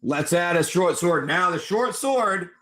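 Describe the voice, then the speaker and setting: A man's voice: high voice, animated, measured pace, fairly bright tone. Rambling man game master. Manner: loose, rambling, addresses players by name. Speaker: game master and stream host. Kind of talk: live-streamed tabletop game narration.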